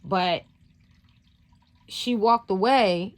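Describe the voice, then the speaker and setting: A woman's voice: mid-range voice, extremely slow. A woman hosting a spiritual vlog, telling a story from work in a rambling, casual way with lots of fillers and restarts. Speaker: spiritual channel host.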